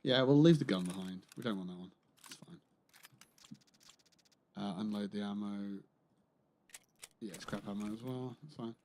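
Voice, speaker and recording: A man's voice: lowish voice, moderate pace, pauses often, darkish tone, a little hiss or hum. A man chatting casually while playing a game on a livestream, muttering to himself and swearing dryly, close to his microphone. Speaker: streamer. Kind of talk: casual gameplay livestream commentary.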